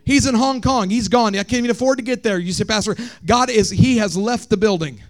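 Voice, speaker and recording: A male pastor, preaching a sermon that swings from shouted, sung lines to quiet talk. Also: sits high, fairly quick. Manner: preaching, shouting and half-singing in rises, then dropping soft.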